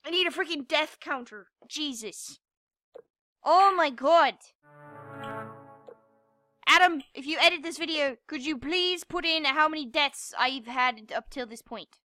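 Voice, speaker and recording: A young woman playing a game and commenting, frustrated, swearing and yelling at it. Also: high voice, a little slow, long pauses, no echo, faint music behind. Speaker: gamer. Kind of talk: gameplay commentary.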